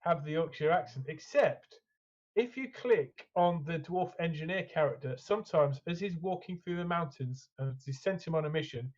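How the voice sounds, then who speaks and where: A man's voice: fairly high pitch, normal speed, a little mellow, lo-fi sound. A man co-hosting a casual hobby chat, talking enthusiastically and rambling with lots of fillers. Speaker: co-host.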